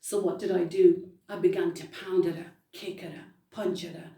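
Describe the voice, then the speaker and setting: A woman's voice: lowish voice, fairly even intonation, normal speed, background noise. A woman preaching a testimony sermon, telling her story with emphatic repetition. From United Kingdom. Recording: roomy echo, distant mic.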